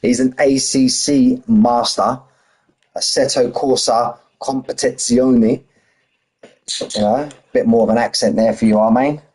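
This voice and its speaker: A middle-aged British man with a husky voice, chatting casually on a sim racing stream and bantering with viewers. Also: medium pitch, steady tone, moderate pace, few pauses, warm tone, low-quality recording. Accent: British English. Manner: chatty, banters with chat, drops h's and says "mate". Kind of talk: casual live-stream chat.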